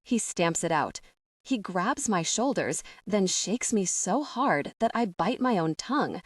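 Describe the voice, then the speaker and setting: A woman narrating a first-person fantasy audiobook in a measured, expressive way. Her mid-pitched voice is recorded dry, with no room sound, and sits a little away from the microphone. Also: no echo. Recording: dry, somewhat distant from the mic.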